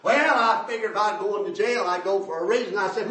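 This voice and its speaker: An older man, preaching a folksy testimony sermon in a church, storytelling that rises to shouts. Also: extremely high pitch, normal speed. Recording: echoey hall, far from mic.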